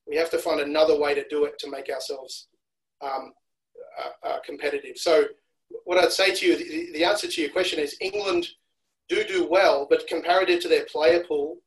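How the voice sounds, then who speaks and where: Male analyst guest from Australia, casual podcast chat, slightly raised pitch, analytical delivery. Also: steady tone, moderate pace, rough recording. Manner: analytical, repeats words when restarting.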